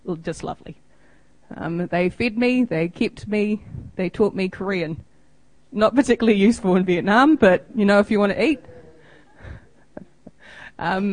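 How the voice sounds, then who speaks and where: Woman, 30s, New Zealand accent, relaxed self-deprecating presenter, dry recording. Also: mid-range voice, no echo, poor audio. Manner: chatty, self-deprecating, acts out quoted exchanges. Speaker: missionary giving a church report. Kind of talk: informal presentation with photos.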